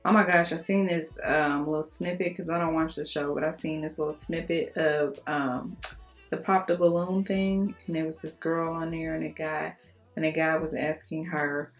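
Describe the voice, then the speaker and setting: A young adult woman chatting frankly to her viewers, telling animated stories and cussing casually. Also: deep voice, normal speed. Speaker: beauty vlogger. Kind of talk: casual chat to camera.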